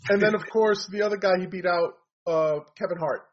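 A man's voice: high voice, a little fast. A man giving blunt, rambling opinions in a casual chat about comedians. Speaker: comedy commentator. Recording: dull lo-fi audio.

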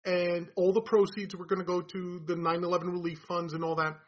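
A man's voice: sits high, level tone, a little fast. A man with a New York accent, a podcast guest telling stories in casual conversation. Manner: storytelling, explaining. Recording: dull lo-fi sound.

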